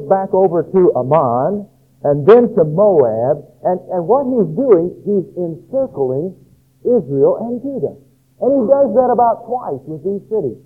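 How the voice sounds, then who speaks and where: A man's voice: high voice, husky. A male pastor preaching a sermon, reading scripture in a rhythmic cadence and acting out the voices of a crowd. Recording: phone-like narrow radio broadcast.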